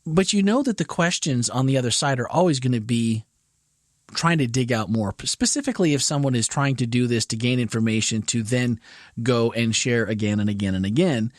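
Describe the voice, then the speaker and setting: A man hosting a church podcast, talking through his thoughts at an easy, searching pace. His mid-pitched voice sits close and dry on the mic, and he often restarts a thought before landing it. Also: a little fast, no echo. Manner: thoughtful, rambling, with many restarts. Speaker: podcast host. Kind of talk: casual church podcast chat.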